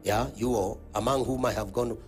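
A man's voice: fairly even intonation, normal speed, faint music behind. A man with a Kenyan accent preaching at a church conference, calling out to the congregation and leading call-and-response. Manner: booming call-and-response preaching with sudden swings of pitch and volume. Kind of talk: sermon.

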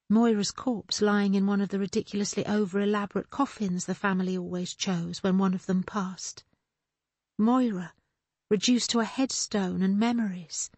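A woman narrating an audiobook in a steady, measured way. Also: medium pitch, no room sound. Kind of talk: scripted narration.

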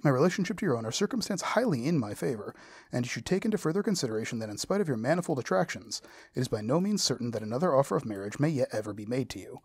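A man reading the lines of a pompous, self-satisfied male clergyman proposing marriage, in a husky voice. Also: medium pitch, very animated, racing, no room sound. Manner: long-winded formal proposal, read aloud.

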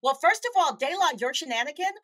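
A high, bright woman's voice that swoops up and down as she co-hosts a fan podcast. She talks casually, with quick, animated bursts of enthusiasm. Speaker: podcast co-host. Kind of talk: casual chat.

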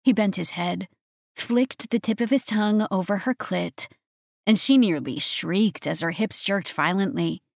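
A woman's voice: mid-range voice, unhurried, gravelly, no room sound, studio quality. Woman narrating a romance audiobook.

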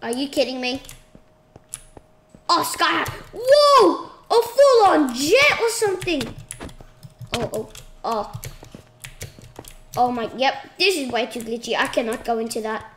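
A woman giving casual, excitable commentary while playing a game, shrieking at surprises. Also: sits high, unhurried, pauses often. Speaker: gaming channel host. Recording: echoey room with clear noise.

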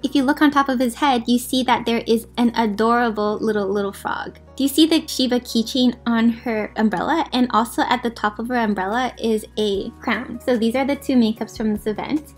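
A woman's voice: a little high, a little fast, hardly any pauses. Chatty young woman gushing over game outfits. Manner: chatty, apologetic asides, gushing about outfits. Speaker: gaming video host. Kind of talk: casual gameplay commentary. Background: faint background music.

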